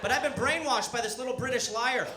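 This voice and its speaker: A man's voice: very high-pitched, fast. A man telling a self-mocking stand-up story on a comedy club stage. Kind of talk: stand-up set. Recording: echoey club room with audience noise.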